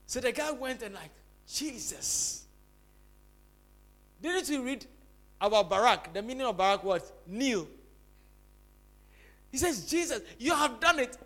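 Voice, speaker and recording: A man preaching a sermon as pastor, swinging between loud exclamations and soft quick asides. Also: high-pitched.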